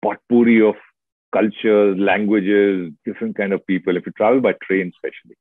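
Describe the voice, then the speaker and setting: Indian guy, middle-aged, kinda low voice, chatty storyteller, sounds thin like a phone line. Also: moderate pace, no room sound. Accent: Indian English. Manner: expressive, storytelling, lively asides. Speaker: actor guest. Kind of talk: casual interview chat. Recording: dry, tinny phone-like sound.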